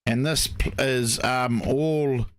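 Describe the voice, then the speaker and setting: A man with a New Zealand accent co-hosts a casual live stream, telling rambling, chatty stories packed with fillers. His mid-range voice holds a steady tone and takes things slowly, with no echo.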